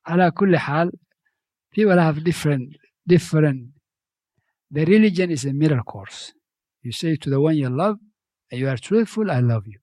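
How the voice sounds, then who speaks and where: Guy preaching in english, kinda high voice, dry close sound. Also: lively intonation, moderate pace, pauses often, a little mellow, dry recording. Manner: conversational, repeats phrases, non-native grammar. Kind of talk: sermon.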